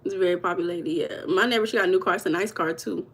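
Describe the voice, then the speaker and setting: A woman's voice: on the low side, racing, breathy edge. A woman hosting a casual livestream, chatting and gossiping with her viewers and reading their comments aloud. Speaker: livestream host.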